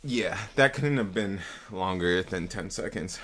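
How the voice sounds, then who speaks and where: Young male streamer, lowish voice, loose and profane, chatting into a desktop mic at home. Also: measured pace, fairly bright tone. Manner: casual, swears often, repeats himself. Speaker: livestreamer. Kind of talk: casual live stream chat. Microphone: desktop USB mic.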